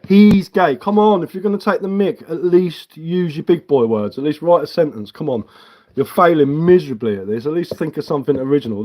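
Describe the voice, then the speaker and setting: A man's voice: fairly high pitch, a little mellow, slight background noise. A man, reading chat aloud on a live stream while carving, blunt and mocking. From England.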